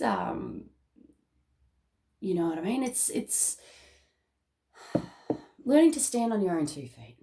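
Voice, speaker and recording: A woman talks through a tarot reading in a loose, chatty way, with lots of fillers and frequent laughs. Her voice sits a little low and has a gravelly, fry-laden edge. She is casual and emotional. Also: lively intonation, slow, pauses often, mellow. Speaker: tarot card reader. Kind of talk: casual spiritual reading to camera.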